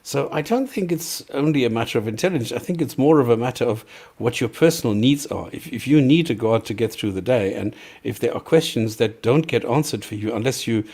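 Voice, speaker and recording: A man's voice: mid-range voice, brisk, few pauses, darkish tone. A man co-hosting a live discussion, thinking aloud in a reflective, hesitant way. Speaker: co-host. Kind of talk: casual live-stream discussion.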